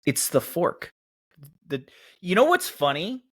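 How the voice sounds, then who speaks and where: A man's voice: high voice, slow pace, slightly rough. A man co-hosting a podcast, bantering and joking with silly asides. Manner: animated, jokey, puts on silly voices. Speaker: podcast co-host.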